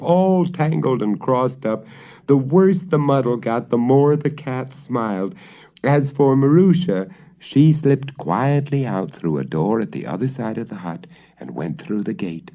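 A man's voice: on the low side, sing-song, measured pace, warm tone. A man reading a folk tale aloud in a theatrical, relishing manner, on a dull old recording. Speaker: storyteller. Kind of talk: dramatic storybook reading.

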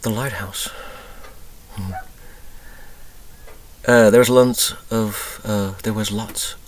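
A man from Texas talking through his memories in a rambling personal monologue, emotional and profane, drifting from loud outbursts into whispers. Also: lowish voice, fairly even intonation, slow, rough recording. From Texas, USA. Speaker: vlogger.

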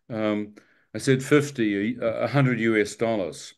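A man's voice: fairly low pitch, steady tone, a little slow, clear, resonant tone. A man telling his near-death story, acting out the dialogue and laughing often, with a New Zealand accent. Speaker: guest telling his testimony. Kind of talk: spoken testimony storytelling.

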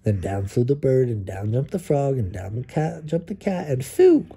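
A man, a dad, reading a rhyming picture book aloud to his child and pausing so the child can fill in the rhymes. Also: mid-range voice, lively intonation, creaky, mellow, breathy edge. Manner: reads rhymes with pauses for a child to finish them. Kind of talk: bedtime story read-aloud.

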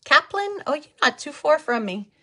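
A woman's voice: high voice, big pitch swings, normal speed, fairly bright tone. A woman with a thick Cajun Louisiana accent, from Louisiana, chatting to viewers through a live makeup tutorial. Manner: chatty, talks to viewers, reads out comments. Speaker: makeup vlogger.

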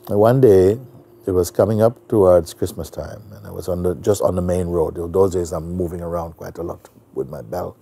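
A man who teaches spirituality, telling a story in a soft, meandering way full of "you know.". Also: deep voice, normal speed, vocal fry, slight background noise. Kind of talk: storytelling during a spiritual talk.

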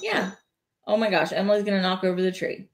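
Woman streaming from home, casual chatty vibe, jokes around and laughs a lot, middle pitch. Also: fairly even intonation, fast. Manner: chatty and playful, laughs between remarks. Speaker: live streamer. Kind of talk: casual live-stream chat while building a toy set. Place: home, indoors.

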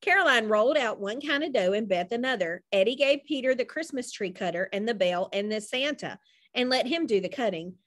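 A woman narrating a children's chapter book aloud in an expressive, lively storytelling manner. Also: fairly high pitch, a little fast. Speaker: audiobook narrator.

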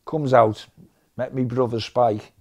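A man's voice: medium pitch, measured pace. A middle-aged man, telling chatty football anecdotes in a documentary interview. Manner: chatty, lively anecdote-teller. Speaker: football fan.

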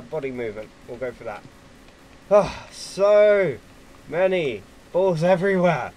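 A man giving casual gameplay commentary at his computer, excitable and quick to swear at opponents. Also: mid-range voice, slight background noise, low-quality recording. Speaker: gaming YouTuber.

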